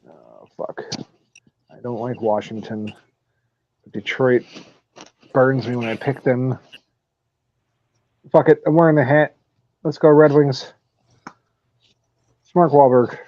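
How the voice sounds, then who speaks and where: A man's voice: mid-range voice, fairly even intonation, slow, long pauses. A man hosting a sports picks podcast in a casual, profane style, laughing often while he tells stories. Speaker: podcast host running weekly picks. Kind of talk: casual chat. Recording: dull lo-fi audio.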